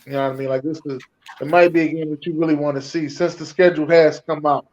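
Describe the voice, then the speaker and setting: A man's voice: fairly high pitch, fairly even intonation, fast talker, darkish tone, lo-fi sound. A man co-hosting a casual sports podcast, teasing the others and moving the talk along. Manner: teasing, steers the topics.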